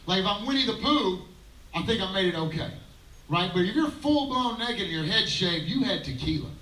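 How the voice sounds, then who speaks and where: A man's voice: high-pitched, lively intonation, bright, forceful tone, slight background noise. Rambling man doing stand-up. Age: 30s. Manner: rambling, self-mocking, halting with fillers. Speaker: stand-up comedian. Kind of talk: stand-up comedy set. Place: outdoor daytime comedy show. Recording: roomy live sound from a distance.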